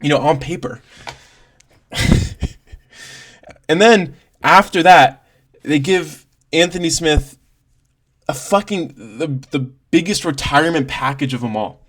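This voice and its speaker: A man's voice: a little high, slow pace, pauses often, a bit bright. Exasperated profane fight-reaction guy. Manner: profane, exasperated, laughing, heavy on "like" and "bro". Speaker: MMA commentator vlogger.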